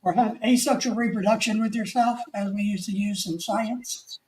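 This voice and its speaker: A man's voice: high voice, steady tone, moderate pace, a little mellow. A man co-hosting a casual livestream chat, joking and teasing, laughing often at his own puns. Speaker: livestream co-host. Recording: echoey room with faint noise.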